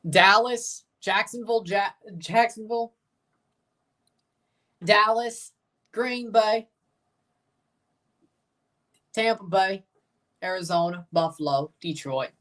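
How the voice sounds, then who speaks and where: A man's voice: high voice, fairly even intonation, slow pace, pauses often, a bit bright, recorded from a distance. A man hosting a livestream, giving casual, offhand reaction commentary with muttered asides and casual swearing. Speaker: livestream host.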